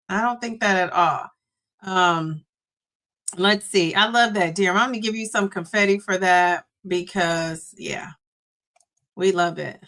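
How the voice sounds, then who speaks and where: In a bright, forceful, medium-pitched voice, a middle-aged woman runs a laid-back livestream where she chats, laughs a lot, and reads viewer comments aloud.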